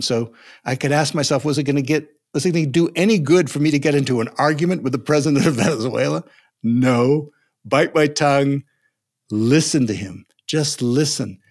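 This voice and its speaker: Animated older man telling a story. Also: mid-range voice. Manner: animated storyteller, acts out quoted voices. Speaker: negotiation expert guest. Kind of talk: storytelling in a podcast interview.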